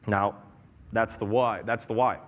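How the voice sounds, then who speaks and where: A man giving an energetic conference talk as a company presenter, repeating key phrases in a casual way. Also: lowish voice, measured pace. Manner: energetic, repetitive, conversational. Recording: long hall reverb.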